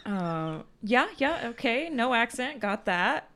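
A woman's voice: on the high side, sing-song, takes it slowly, bright, forceful tone, voice pushed up, exaggerated voice. Woman playing a teasing street prankster. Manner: teasing, chatty.

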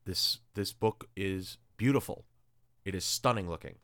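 A man hosting a casual chat, retelling stories in an animated, sarcastic way with crude asides. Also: low-pitched, a little slow, no echo. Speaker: podcast host reviewing comics.

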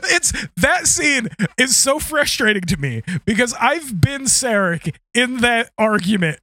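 A man co-hosting a casual podcast chat, telling animated anecdotes and breaking into laughter. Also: very high-pitched, measured pace, no room sound. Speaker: podcast co-host.

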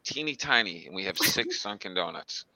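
A man's voice: low-pitched, expressive, normal speed, vocal fry, pushed and bright, dry recording, low-quality recording. A man with a Boston accent hosting a casual interview, joking with crude banter. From Massachusetts, USA. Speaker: podcast host.

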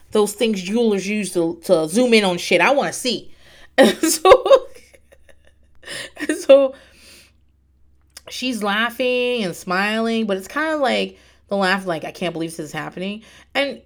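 Chatty, blunt woman recapping a show. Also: a little high. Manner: chatty, blunt, swears freely, laughs often. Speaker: reality TV recapper. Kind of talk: casual recap monologue.

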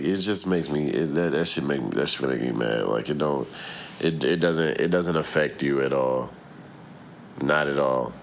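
A man's voice: a bass voice, a bit bright, slight background noise. A young adult man hosting his own podcast, talking in a profane, heated, rambling rant. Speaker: podcast host. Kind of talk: casual solo podcast rant.

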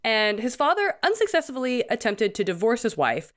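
A woman's voice: fairly high pitch, big pitch swings, normal speed, fairly bright tone. A woman co-hosting a podcast in casual chat, her voice still a bit sick, laughing between points. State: sick, hoarse-sounding voice. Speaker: podcast co-host.

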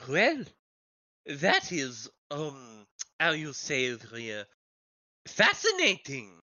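A woman's voice: deep voice, wildly swooping pitch, drawn-out words, bright, forceful tone, no room sound, voice pushed up, exaggerated voice. A woman playing a prim French lady journalist. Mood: curious. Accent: put-on French. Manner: formal, flowery politeness. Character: prim French female journalist, polite and inquisitive. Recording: dull lo-fi dry sound.

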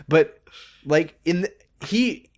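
A man's voice: fairly high pitch, expressive, drawn-out words, a little mellow. Male podcast co-host, loose rambling recap voice, swears freely. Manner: profane, laughing, rambling. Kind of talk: casual recap chat.

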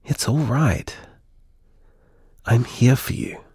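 A man acting a devoted partner. He speaks gently and reassures the person he loves. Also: mid-range voice, animated, slow pace, husky, no room sound, studio quality, heavily acted. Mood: tender. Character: tender, devoted male partner. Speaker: comforting partner. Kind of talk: audio drama acting.

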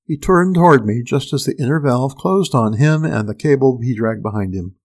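A man's voice: mid-range voice, animated, moderate pace. A man narrating a first-person science-fiction story in a tense, dramatic storytelling manner.

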